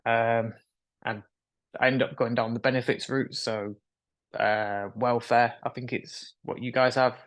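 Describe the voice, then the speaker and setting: A man's voice: mid-range voice, little pitch movement, unhurried, a bit bright. A young man, a guest in an interview, telling his story frankly with occasional nervous laughs. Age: young adult. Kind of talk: candid conversational interview.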